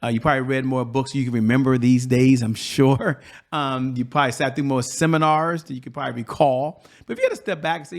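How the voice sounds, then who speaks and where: A man's voice: mid-range voice, lively intonation, fairly quick, gravelly. A man hosting an interview show, upbeat and encouraging as he asks his guest questions. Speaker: podcast host.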